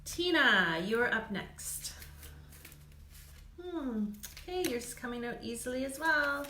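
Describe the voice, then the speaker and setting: A woman's voice: high voice, expressive, slow, sharp tone, a little hiss or hum. A woman doing live card readings for viewers, chatty and reassuring, laughing often and filling gaps with "um". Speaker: psychic reader. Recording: echoey room.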